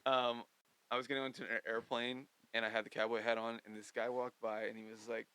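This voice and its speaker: Podcast guest, young man from Missouri; lively storyteller, bright tone, swears casually. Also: mid-range voice, fast, clean tone, no echo, low-quality recording. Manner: animated storyteller, swears freely. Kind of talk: casual chat.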